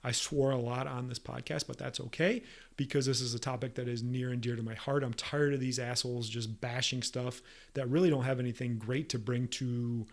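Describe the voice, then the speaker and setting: Guy ranting on his podcast, middle pitched voice, swearing a lot, combative and punchy. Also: fairly even intonation, brisk. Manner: profane, combative, emphatic. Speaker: podcast host, soft tissue practitioner.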